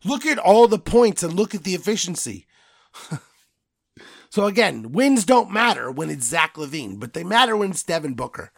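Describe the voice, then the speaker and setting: A man hosting a podcast, delivering a loud, profane, angry sports rant. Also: high voice, sing-song, normal speed, gravelly, breathy edge, no room sound, clean studio sound. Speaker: podcast host.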